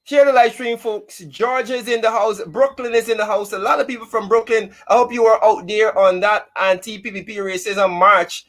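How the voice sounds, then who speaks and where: A man's voice: sits high, steady tone, moderate pace, hardly any pauses, a bit bright. A man hosting a casual live-stream talk show, chatting and greeting viewers by name.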